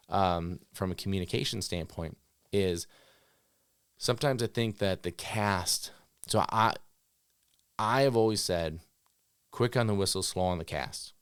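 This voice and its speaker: A man who trains dogs, giving an instructional talk in a direct, coaching way and acting out owners' commands and dogs' thoughts in quick voices. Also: fairly low pitch, no echo, clean studio sound. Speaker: dog trainer.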